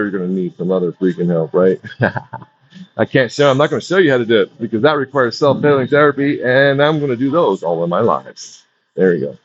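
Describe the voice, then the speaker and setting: A man's voice: lowish voice, husky, dry recording. A man leading a stretching session, coaching in a loose, casual way and repeating his cues about breathing and balance. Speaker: wellness instructor. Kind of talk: guided stretching class. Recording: dull lo-fi dry sound.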